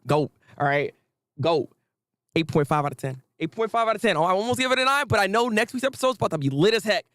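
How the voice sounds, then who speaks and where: Young male host, excitable and slangy, fairly high voice, dry close sound. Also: fast talker, no room sound. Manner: hyped, slangy, repeats himself, laughs often. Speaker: anime review host. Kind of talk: casual excited commentary.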